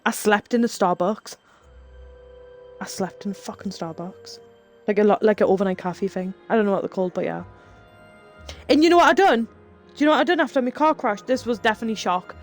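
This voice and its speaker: A woman in her 30s streams live, chatting casually with her chat, laughing a lot and spinning rambling stories. Her voice is mid-range and a little fast, broken by long pauses, with soft music playing in the background.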